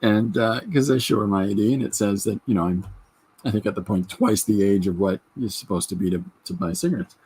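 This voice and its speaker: A man's voice: fairly low pitch, fairly quick, a little mellow, husky. A man in his fifties hosting a podcast, chatting in a rambling way and reading out viewer comments. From Canada. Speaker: podcast host. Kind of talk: casual livestream chat.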